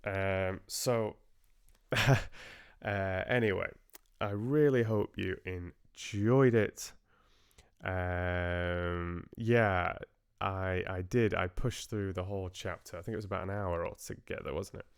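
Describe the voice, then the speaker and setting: A man's voice: sits low, steady tone, slow, clean tone, dry recording, studio quality. A male audiobook narrator hosting a live stream, chatting casually with viewers in a rambling, hesitant way and often restarting his sentences.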